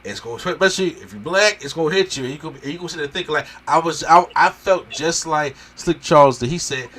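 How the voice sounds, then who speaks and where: Animated bright-voiced man hosting a podcast. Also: a little high, fast talker, hardly any pauses. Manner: animated, swearing, acts out scenes. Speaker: podcast host. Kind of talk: casual movie review chat.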